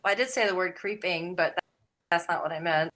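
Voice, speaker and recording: A woman's voice: fairly low pitch, a little fast, background noise. A woman from Quebec chatting casually in an online group call, talking with frequent laughter. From Quebec, Canada. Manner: chatty, laughing, restarts often.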